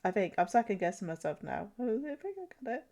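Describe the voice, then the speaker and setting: A woman's voice: medium pitch, very animated, a little fast, creaky, dark tone. A young woman streaming while she draws. She has a stuffy nose from a cold and chats casually with viewers, giggling often and restarting her sentences. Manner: chatty, giggly, answers chat, frequent restarts. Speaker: streamer and artist. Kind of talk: casual live-stream chat while drawing.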